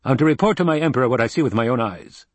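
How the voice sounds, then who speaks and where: A man's voice: mid-range voice, expressive, rapid-fire, no echo, lightly acted. A man reading an audiobook and voicing an arrogant imperial soldier officer who growls his demands curtly. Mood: arrogant demanding. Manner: growling, curt and forceful.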